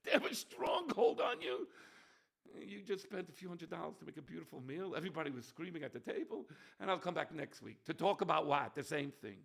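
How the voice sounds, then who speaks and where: A man preaching a holiday sermon as a rabbi, animated, swinging between shouting and soft near-whispers. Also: a little high, quick pace, gravelly, hardly any pauses. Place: room with bookshelves.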